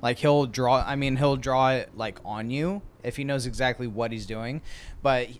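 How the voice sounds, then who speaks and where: A young man in casual chat, laid-back, swearing freely and talking in quick bursts. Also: mid-range voice.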